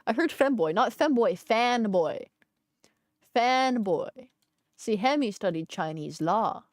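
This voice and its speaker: A woman's voice: fairly high pitch, expressive, measured pace, no echo, clean studio sound. Playful woman streamer reading game lines. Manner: playful, jokey, reads game characters aloud. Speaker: VTuber streamer. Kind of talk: game stream with voiced dialogue.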